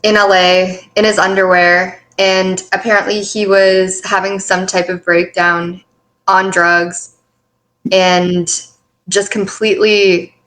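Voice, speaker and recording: A woman's voice: medium pitch, level tone, slow, a bit bright. A woman co-hosting a casual celebrity gossip chat, eager, with restarts and fillers as she talks. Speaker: co-host.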